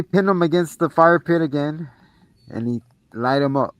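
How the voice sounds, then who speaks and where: A man hosting a casual movie review chat, retelling the plot in an animated, slangy way. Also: fairly high pitch, moderate pace, no echo. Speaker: podcast host.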